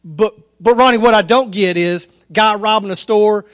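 High-voiced folksy preacher. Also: male voice, moderate pace, no echo, clean studio sound. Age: 30s. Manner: folksy, conversational storyteller, voice rises high when excited. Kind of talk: storytelling sermon.

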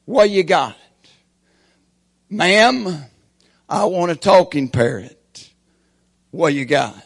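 A preacher voicing an impatient male customer who wants a talking parrot, loud and insistent. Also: high-pitched, lively intonation, slow pace, gravelly, slightly rough, voice pushed up, exaggerated voice.

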